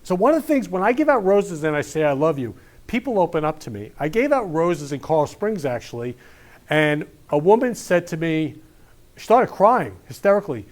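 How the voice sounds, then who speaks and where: A man's voice: on the high side, very animated, normal speed. A middle-aged man hosting a talk show, gushing and repeating declarations of love in an effusive monologue.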